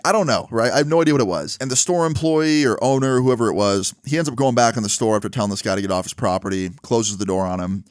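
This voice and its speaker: A man's voice: mid-range voice, fast, hardly any pauses, dry recording, clean studio sound. A young man telling a personal story casually, dropping "like" and "right?" often. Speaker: vlogger. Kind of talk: storytime monologue.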